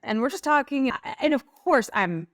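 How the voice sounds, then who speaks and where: A middle-aged woman, a guest on a talk show, telling personal stories in an animated way and acting out what people said. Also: high voice, moderate pace, dry recording, clean studio sound. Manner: animated, acts out quoted voices. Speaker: guest, women's group leader. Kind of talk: conversational storytelling.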